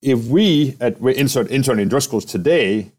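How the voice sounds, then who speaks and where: A man with a mid-range, slightly rough and mellow voice speaks a bit quickly, with lively intonation. Interviewed as a company president, he explains at length in a conversational manner, often finishing points with "right?" or "okay?".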